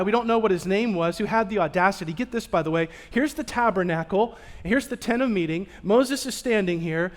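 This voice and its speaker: Animated high-voiced male preacher. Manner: animated storytelling, swinging from loud to hushed. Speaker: pastor. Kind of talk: sermon. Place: church sanctuary.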